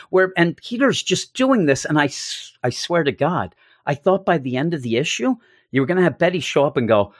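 Animated podcast co-host, man, lively swooping delivery, dry close sound. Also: on the high side, a little fast, no room sound. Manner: animated, acting out scenes, laughing. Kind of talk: casual comic book discussion.

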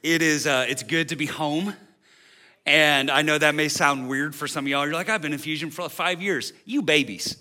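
A man's voice: fairly high pitch, bright, forceful tone. A man in his forties, a senior pastor, talking candidly and emotionally to a young adult congregation, joking and interrupting himself. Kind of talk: preaching to a young adult service. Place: large church auditorium.

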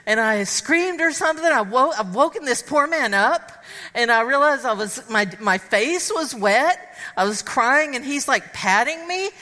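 A woman speaker telling a funny personal story to an audience of women, animated and acting out the dialogue. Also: high-pitched, normal speed. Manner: animated, acts out dialogue and sound effects. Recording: long hall reverb.

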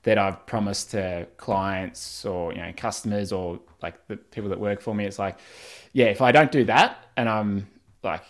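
A man, chatting in a relaxed, rambling way and laughing often. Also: on the low side, normal speed. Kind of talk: casual chat.

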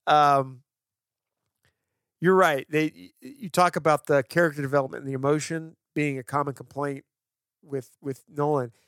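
A man co-hosting a podcast, chatting about movies with enthusiastic, animated storytelling. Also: a little high, moderate pace, smooth, dry recording, studio quality. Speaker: podcast co-host. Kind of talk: casual film discussion.

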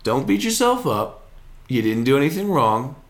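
A man's voice: medium pitch, big pitch swings, normal speed. Joking young man in a roomy space. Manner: joking, emphatic, digressive banter. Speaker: podcast co-host. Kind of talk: casual sports podcast chat. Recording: roomy echo.

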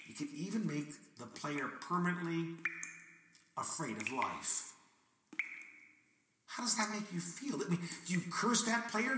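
High bright-voiced guy doing a dramatic monologue talking to god, wry and theatrical, swears a bit, echoey room, mic kinda far off. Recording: echoey room, mic at a distance, faint noise.

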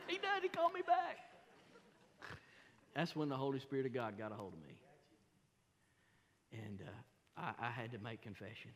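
A middle-aged man, preaching a sermon as pastor in a folksy, animated, self-mocking storytelling way. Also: medium pitch, normal speed, pauses often. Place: large church sanctuary. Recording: long hall reverb in a church.

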